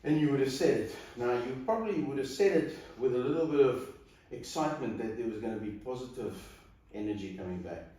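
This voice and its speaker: A man's voice: medium pitch, animated, fairly quick, hardly any pauses, warm tone. A man serving as wedding celebrant, giving an earnest, coaching talk directly to a couple before their wedding. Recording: echoey room, distant mic, faint noise.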